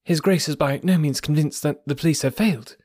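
A man's voice: on the high side, fairly quick, a little mellow, breathy edge, no echo, studio quality, voice pushed up. A man voicing a nervous, alert young male secretary who speaks in a clipped, assertive way. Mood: curtly reproachful.

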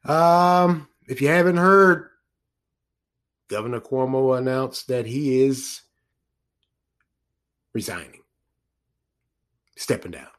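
A man's voice: medium pitch, slow pace, pauses often, a bit bright. A man talks through the news in a loose, off-the-cuff way. He restarts his sentences, drifts into asides and chuckles at his own remarks. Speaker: commentator. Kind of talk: casual news commentary monologue.

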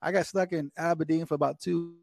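Veteran guest, man, 40s: quick rambling storyteller, slightly high voice. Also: fairly even intonation, creaky, darkish tone, no room sound, clean studio sound. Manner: rambling, repeats himself, says "dude". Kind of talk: casual storytelling.

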